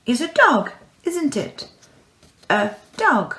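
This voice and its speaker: Slow, patient woman teaching French words. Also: medium pitch, wildly swooping pitch, fairly bright tone, echoey room. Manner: slow and patient, stretching out words for pupils to repeat. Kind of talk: slow, clear classroom instruction.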